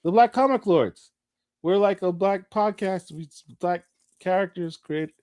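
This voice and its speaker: A man, a podcast co-host, telling a story with excitement, stammering and acting out quotes in casual chat. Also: high-pitched, measured pace, clear, resonant tone, dry recording, clean studio sound.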